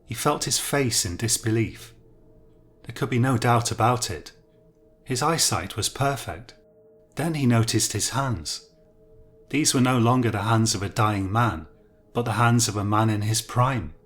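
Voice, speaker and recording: A man narrating a fiction story in a calm, measured reading. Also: mid-range voice, soft background music. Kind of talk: scripted narration.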